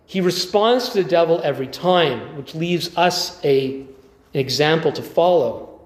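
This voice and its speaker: Pastor preaching in an echoey hall. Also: male voice, a little high, expressive, measured pace. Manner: conversational, thinking aloud with restarts and dry asides. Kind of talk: sermon. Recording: echoey church hall reverb.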